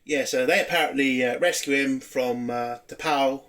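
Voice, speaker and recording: A man's voice: medium pitch, steady tone, moderate pace, a bit bright. A man giving a rambling, sarcastic spoken recap of a TV episode, swearing often. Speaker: TV reviewer. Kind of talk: casual spoken review.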